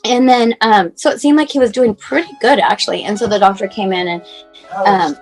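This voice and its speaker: Woman, 40s, guest over a video call, unscripted and emotional, halting delivery full of fillers, faint music underneath. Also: mid-range voice, low-quality recording. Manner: emotional, halting, many fillers, near tears at times. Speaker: mother telling her son's story as guest. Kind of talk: personal storytelling, casual and unscripted.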